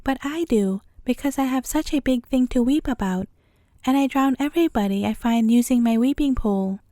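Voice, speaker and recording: Woman reading as a grumbling old rhino, storybook, high voice, mellow tone. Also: normal speed, no echo, clean studio sound, natural voice. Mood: angry. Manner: mournful, grumbling self-pity. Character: old male rhinoceros, gloomy and short-tempered.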